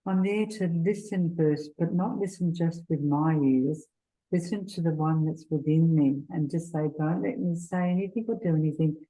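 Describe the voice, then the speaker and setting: A middle-aged woman giving a gentle, earnest faith seminar talk, sharing personal stories. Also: low-pitched, steady tone, normal speed, low-quality recording. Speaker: seminar speaker.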